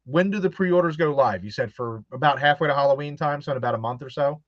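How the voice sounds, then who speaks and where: Talking fast in a slightly high voice, a male host spins animated stories in a casual chat. He imitates the voices he quotes and breaks into frequent laughter. The sound is lo-fi, dull and dry, with no echo.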